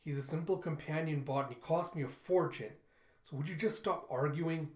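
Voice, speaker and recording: A man's voice: a little high, moderate pace, roomy sound, natural voice. Man doing Krupp, a curt impatient ambassador. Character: stern middle-aged male ambassador son.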